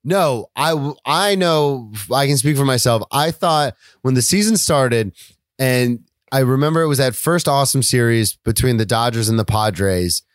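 A man co-hosting a sports podcast, trading quick opinions and laughs with his partner in casual chat. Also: medium pitch, no echo, studio quality. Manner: laughing, interrupting banter. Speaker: co-host.

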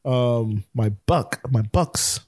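A man co-hosting a casual sports talk show, excitable and rambling, stumbling through fillers as he goes. His voice sits in an ordinary middle pitch. The sound is dry and close. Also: very slow, dry recording. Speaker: podcast co-host.

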